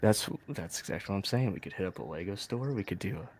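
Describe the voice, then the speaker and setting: Softly spoken man with a low voice. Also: expressive, fast. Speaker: guest on stream. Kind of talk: casual chat.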